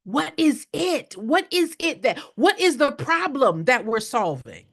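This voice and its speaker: A high, very lively woman's voice that swoops up and down as she drives her points home. She coaches her audience in a preachy, repetitive way, pausing so they can answer back. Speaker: nonprofit fundraising coach. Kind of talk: energetic live teaching with call-and-response.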